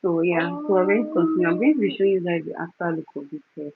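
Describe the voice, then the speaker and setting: A woman hosting a casual wig-styling livestream, giving instructions in short repeated steps and pausing now and then to soothe a crying baby. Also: lowish voice, over music. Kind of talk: casual hair tutorial livestream. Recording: dull lo-fi phone audio with clear background noise.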